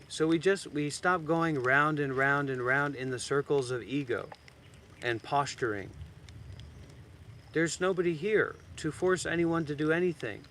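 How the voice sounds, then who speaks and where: A man giving a meditation talk as a teacher, blunt and teasing, swinging from soft and slow to sudden loud bursts. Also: on the high side, a little hiss or hum. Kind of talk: dharma talk. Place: outdoors in a graveyard.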